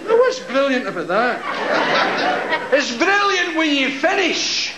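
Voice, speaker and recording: A man doing stand-up, telling a profane story in an animated way and shouting out impressions. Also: extremely high pitch, unhurried, very noisy. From Scotland. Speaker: stand-up comedian. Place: large theatre stage. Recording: echoey live theatre with loud crowd.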